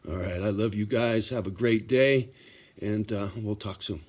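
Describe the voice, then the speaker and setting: Brief: middle-aged male vlogger, husky low voice, cussing through a heated personal story. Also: slow pace, darkish tone. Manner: blunt, profane, gets worked up. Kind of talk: casual storytelling monologue.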